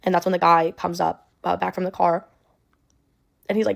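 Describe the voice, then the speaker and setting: Fast-talking young woman with gravelly fry. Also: lowish voice, fairly even intonation. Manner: rambling, full of "like" and "um". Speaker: storyteller in a clip. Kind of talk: personal storytelling.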